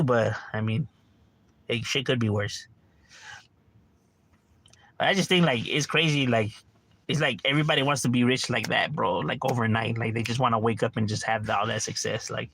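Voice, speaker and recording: A man's voice: mid-range voice, a little fast, creaky, a bit bright. A middle-aged man streaming a game from home, ranting casually with lots of profanity and constant "bro.". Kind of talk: casual livestream rant.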